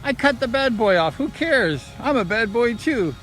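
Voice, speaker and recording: A man telling old speedway racing stories in a casual, rambling, excited way, slipping into quoted voices. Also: very high-pitched, moderate pace. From Southern California. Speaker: vlogger recounting racing days. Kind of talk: casual storytelling.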